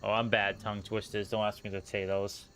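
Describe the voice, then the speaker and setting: A man's voice: fairly low pitch, little pitch movement, a little fast, fairly bright tone, a little hiss or hum. Bantering Boston-accented man. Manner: playful, bantering. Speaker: streamer. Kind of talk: casual gameplay chat.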